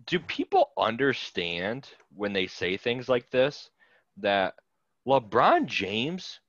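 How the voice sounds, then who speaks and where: A man's voice: medium pitch, sing-song, slow pace, a bit bright, no echo. A man co-hosting a casual podcast, chiming in with wry agreement. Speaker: podcast co-host. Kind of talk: casual political chat. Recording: dull dry sound.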